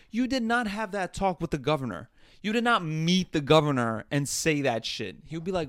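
A man's voice: fairly high pitch, lively intonation, normal speed, fairly bright tone, no room sound, clean studio sound. A man hosting a podcast, delivering comedic commentary in an exasperated, profane rant. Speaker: podcast host.

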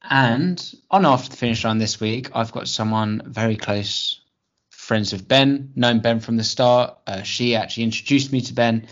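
A man's voice: mid-range voice, normal speed. A man who presents a segment on a podcast, chatting casually in an earnest, slightly self-conscious way. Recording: dull lo-fi podcast audio.

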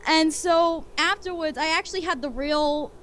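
A young woman telling an excited fan story in a casual chat, gushing and quoting herself. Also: extremely high pitch, moderate pace, slight background noise. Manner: gushing fangirl, squeals when quoting herself. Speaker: guest on a fan podcast.

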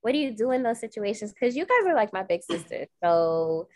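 Woman, casual chat, curious questions, mid pitch. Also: sing-song, brisk.

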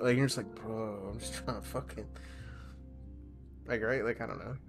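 A man's voice: mid-range voice, quick pace, soft background music. Rambling young man on a podcast. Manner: rambling, heavy filler and swearing, animated impressions. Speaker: podcast co-host. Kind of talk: casual podcast chat.

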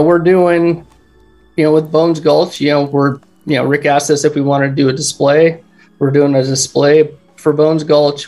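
A man's voice: on the high side, vocal fry, a little mellow. A man as a podcast guest talking about building home haunts in a loose, rambling way, with "you know" in almost every sentence. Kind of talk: casual chat.

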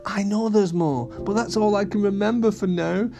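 A man voicing a sickly, forgetful female troll with a high, whining put-on voice. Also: moderate pace, gravelly. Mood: pleading.

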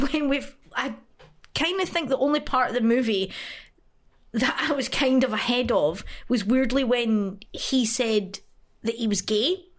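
A woman's voice: a little high, a little slow. A woman co-hosting a podcast, chatting casually about films, laughing often and acting out quotes. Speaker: podcast co-host.

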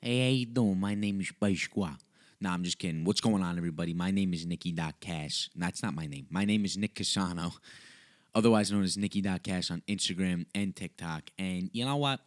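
Young man, very low voice, casual solo podcast, joking, swears a lot, USB mic. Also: fairly quick, dry recording, studio quality, faint music behind. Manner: joking, profane, rambling. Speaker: podcast host and comedian. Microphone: USB microphone.

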